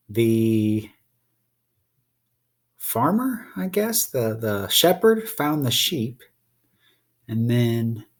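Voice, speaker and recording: A man giving a slow phonics lesson to small children, stretching out each letter sound and asking little questions as he draws. His voice is husky and unhurried, and his pitch swings widely. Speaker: children's teacher.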